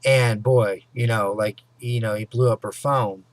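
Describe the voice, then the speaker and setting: A man vlogging a rambling personal story to his viewers, full of "you know" and "anyway," sometimes fast and loud. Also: fairly low pitch, fairly even intonation, no room sound. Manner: talks fast and loud at times. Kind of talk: casual personal storytelling to camera.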